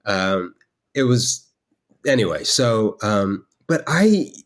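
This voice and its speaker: A man's voice: on the low side, sing-song, slow. A man, a guest artist, telling a story in conversation, rambling with many restarts and fillers.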